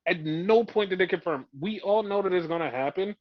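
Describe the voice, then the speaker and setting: A man's voice: high-pitched, fairly quick, dry recording, dull audio. A man co-hosting a podcast, ranting with exasperation about a wrestling show and swearing freely. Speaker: podcast co-host. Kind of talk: casual wrestling review chat.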